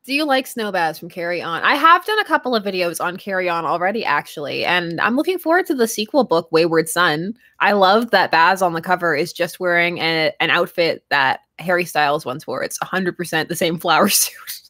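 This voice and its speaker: A woman's voice: lowish voice, animated, a little fast, fairly bright tone, no echo, studio quality. Laughing young woman on a livestream. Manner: chatty, laughs often, trails off and restarts. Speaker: streamer. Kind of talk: casual livestream chat reading viewer comments.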